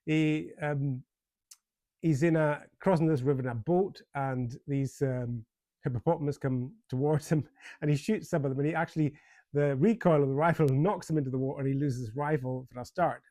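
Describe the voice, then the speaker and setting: A man's voice: mid-range voice, warm tone, no echo. A man giving a casual spoken movie review, chatty and amused, with many fillers, restarts and frequent chuckles. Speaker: film reviewer.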